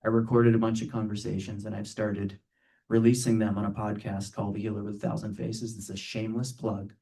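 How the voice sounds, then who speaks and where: A man's voice: lowish voice, flat delivery, fairly quick, creaky, warm tone, distant mic. A man giving a conversational spiritual talk to a live audience, playful and earnest, often checking in with a rhetorical "right?".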